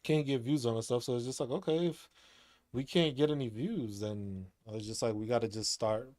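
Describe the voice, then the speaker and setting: A man's voice: medium pitch, normal speed, darkish tone, dry recording, clean studio sound. A man talking casually as a streamer, rambling, repeating himself and laughing often. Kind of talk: casual monologue.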